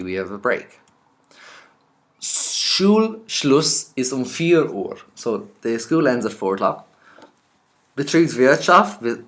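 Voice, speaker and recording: Irish teacher going over vocabulary. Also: male voice, medium pitch. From Ireland. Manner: reads words out, then explains in a relaxed, chatty way. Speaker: language teacher. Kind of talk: vocabulary lesson.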